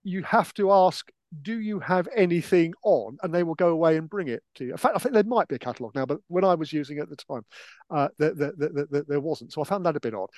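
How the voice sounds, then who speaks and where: Halting older British man, higher voice. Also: expressive, a little mellow, no echo. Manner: hesitant, many restarts and fillers. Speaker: historian podcast co-host. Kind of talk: casual anecdotal chat.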